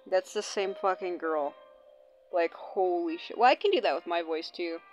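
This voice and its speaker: A woman's voice: on the low side, normal speed. A young woman host chatting casually and with lots of swearing while commenting on her gameplay. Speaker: gaming channel host. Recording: dull lo-fi audio, faint game music.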